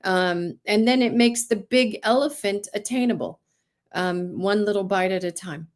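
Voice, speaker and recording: A woman's voice: mid-range voice, normal speed. A woman raised in California with Greek heritage, a farmer telling stories as a guest in a casual interview, acting out the people she quotes. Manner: animated storyteller, acts out quoted voices.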